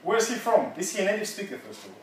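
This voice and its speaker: A man's voice: high-pitched, very animated, very fast. A male English teacher leading a classroom seminar, conversational and quizzing his students. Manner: conversational, asks the class, laughs often. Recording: echoey classroom from far off, noisy.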